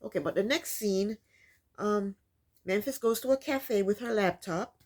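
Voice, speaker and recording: A woman's voice: medium pitch, measured pace. A woman casually recapping a reality TV episode, opinionated and repetitive, with frequent ums. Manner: opinionated, many ums, repeats points.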